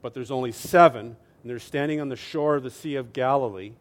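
A man preaching a sermon as a lively storyteller, swinging from loud to hushed and often asking his listeners "right?". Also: mid-range voice, brisk. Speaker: pastor.

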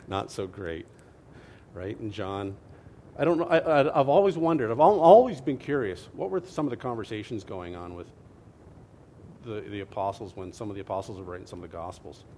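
A man preaching a sermon as a lively storyteller, swinging from loud to hushed and often asking his listeners "right?". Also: fairly low pitch, moderate pace, long pauses, a little hiss or hum. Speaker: pastor.

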